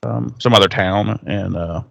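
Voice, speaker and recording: A man's voice: lowish voice, unhurried, gravelly, a bit bright, a little hiss or hum. A man co-hosting a podcast, casually recapping an episode and acting out the characters' lines in a raised, swearing voice. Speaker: podcast co-host.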